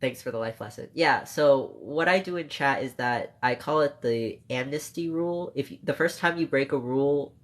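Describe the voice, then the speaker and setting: A streamer chats through a long story with live viewers, rambling and emotional. They break off to mock-scold the chat and then apologise. They swear freely and correct themselves as they go. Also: mid-range voice. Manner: swears freely, quick asides and self-corrections. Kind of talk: casual livestream storytelling.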